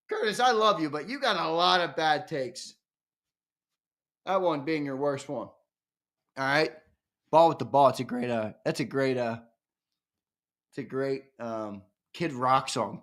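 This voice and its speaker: Pitched on the high side, a man hosts an easygoing live-streamed sports fan show. He chats with the viewers and keeps bursting into loud, excited hollers.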